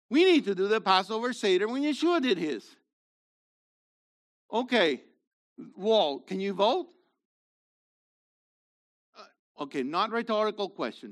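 A man leading his congregation in a sermon, asking them questions and building to emphatic, rhetorical peaks. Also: high-pitched. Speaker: messianic congregation leader.

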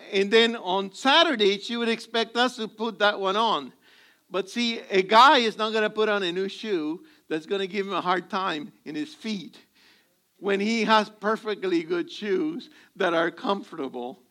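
A pastor with a high voice that sounds pushed and bright gives a sermon to his church. Along the way he shares funny stories and dramatizes lines of dialogue.

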